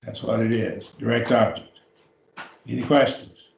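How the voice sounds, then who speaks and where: A man teaches grammar to a class in a slow, unhurried voice with a gravelly edge, often stopping to repeat himself or restart. He sounds like he is in a church classroom, with a roomy, somewhat dull recording around him. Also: on the low side, steady tone. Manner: slow, repeats words, many fillers and restarts. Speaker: Greek teacher.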